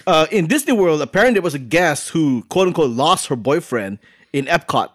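A man's voice: on the high side, animated, a little fast. Rambling casual male podcast host. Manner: rambling, lots of fillers and "like". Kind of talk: casual chat.

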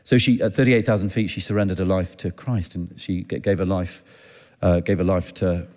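Preacher telling a story in a reverberant hall. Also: male voice, low-pitched, steady tone, a little mellow. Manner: chatty, halting, acts out dialogue. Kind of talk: anecdotal sermon storytelling.

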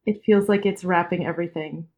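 A woman co-hosting a casual book podcast, gushing and reacting quickly with laughter. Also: lowish voice, fairly even intonation, a little mellow. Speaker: podcast co-host.

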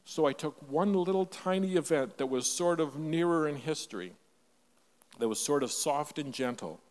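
Older Canadian preacher in an echoing hall. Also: male voice, on the high side, animated, normal speed. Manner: storytelling, emphatic, varies loudness widely. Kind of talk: sermon. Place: church.

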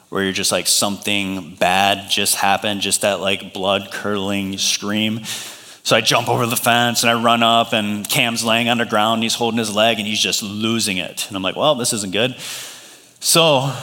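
Man, pastor, sermon, lively storytelling, voices quoted characters, big hall echo. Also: fairly low pitch. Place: large church hall. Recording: long hall reverb.

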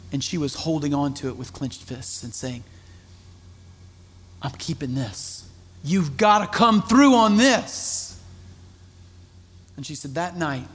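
A man preaching a sermon, telling a story in a conversational way with animated asides. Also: high-pitched, in a large hall. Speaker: pastor.

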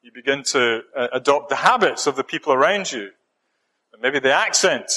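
Scottish preacher with a bright voice. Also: male voice, mid-range voice, animated, low-quality recording. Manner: gentle, halting with frequent fillers and restarts. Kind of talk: sermon.

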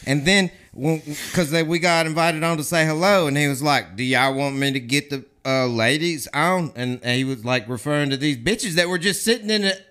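A man's voice: a little high, moderate pace, few pauses, fairly bright tone, clear, resonant tone. A man in casual chat, laid-back and swearing often.

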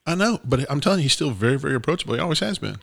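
A man hosting a conversational interview, asking relaxed but probing questions and openly pushing back on his guest. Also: medium pitch, rapid-fire, creaky, a little hiss or hum.

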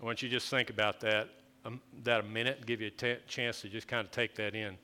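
A man's voice: fairly low pitch, flat delivery, fast talker, sharp tone, clean tone. A man preaching a conversational sermon, often restarting his phrases as he explains the scripture. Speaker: pastor.

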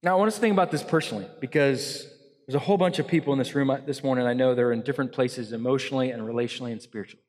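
A man preaching an earnest sermon as pastor to a congregation, swinging between loud emphasis and soft hushed lines. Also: mid-range voice, very fast, big-room sound. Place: church hall.

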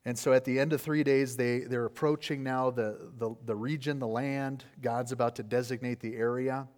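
A man's voice: medium pitch, fairly even intonation, moderate pace, a little mellow. Earnest man preaching a sermon. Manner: earnest, explanatory, asks rhetorical questions. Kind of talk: expository sermon.

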